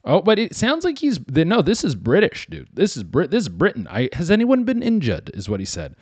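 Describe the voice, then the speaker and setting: A man's voice: on the high side, huge pitch swings, brisk, slightly rough, dry recording. A man hosting a comedy podcast, riffing crudely and rambling through stories and listener write-ins. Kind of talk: solo comedic commentary.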